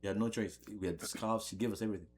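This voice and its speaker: A man from Africa, a podcast guest, telling animated stories in casual conversation, often laughing and repeating words as he goes. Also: lowish voice, rapid-fire.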